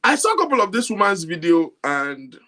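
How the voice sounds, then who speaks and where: A man's voice: high-pitched, sing-song, fairly quick, pushed and bright. A man with a Nigerian accent talking casually to camera, amused and incredulous, laughing often as he comments. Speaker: vlogger.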